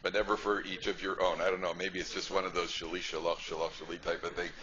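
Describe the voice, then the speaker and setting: Deep-voiced rabbi telling stories in class. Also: male voice, flat delivery, fast, sharp tone. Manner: chatty, repeats phrases, asks "right?". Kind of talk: humorous lecture storytelling. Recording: dull lo-fi lecture recording, faint noise.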